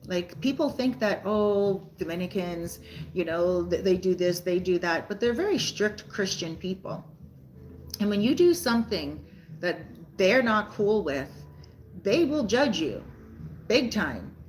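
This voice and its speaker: Speaking in an animated mid-range voice at a measured pace, this soul coach and vlogger from a Caribbean beach town rambles casually through a story to camera, frequently adding "right?" and "you know." The recording is low-quality, with slight background noise.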